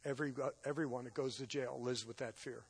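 A man's voice: mid-range voice, fairly even intonation, brisk, vocal fry, husky. A man preaching his personal testimony as an emotional storyteller. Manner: emotional storytelling, rising to loud intense peaks. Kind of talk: testimony sermon.

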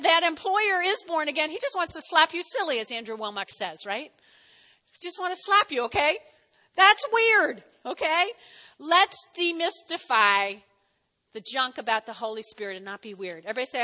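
Woman pastor, middle-aged, New Jersey accent, animated sermon delivery, high bright voice, reverberant church hall. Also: fairly quick. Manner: lively, animated preaching with audience call-and-response.

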